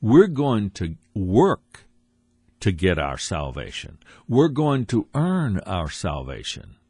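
A man preaching a sermon, earnest and emphatic, repeating his phrases and dropping low for asides. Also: a little mellow, husky, no room sound, clean studio sound.

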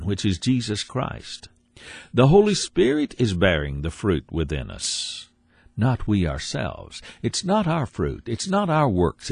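A man preaching a sermon, earnest and emphatic, repeating his phrases and dropping low for asides. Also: gravelly, darkish tone, slightly rough, no room sound.

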